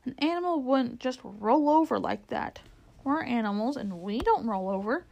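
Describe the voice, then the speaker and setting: A clumsy, self-assured bear from a storybook, slow and confident in his talk, as a woman plays him. His voice is slightly high. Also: animated, vocal fry, darkish tone, dull audio, a little hiss or hum. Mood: boastful. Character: clumsy, boastful male bear.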